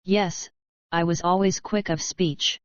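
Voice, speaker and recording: A woman's voice: lowish voice, fairly even intonation, dry recording. Woman reading a cool-headed outlaw newcomer. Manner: quick, dignified, defiant answers. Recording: dull lo-fi.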